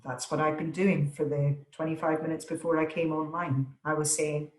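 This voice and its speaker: A woman speaks as a voice coach, leaning hard on each word with energetic, deliberate emphasis. Her voice sits fairly low for a woman. The call sounds roomy, with a noticeable echo around her. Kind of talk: webinar Q and A answers. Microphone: video call.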